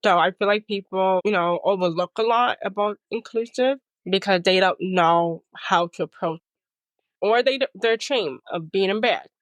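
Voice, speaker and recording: A woman's voice: mid-range voice, normal speed, dry recording. A woman guest talking casually in an interview, telling stories animatedly and acting out the people she quotes, with many "like"s and "you know"s. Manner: says "like" and "you know" often. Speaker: guest, speaker and coach.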